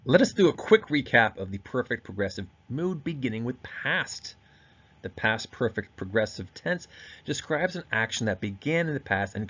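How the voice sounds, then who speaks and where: A man giving a recorded grammar lesson, explaining step by step and slowing down to stress key words. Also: medium pitch, fairly bright tone, dull audio. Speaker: teacher.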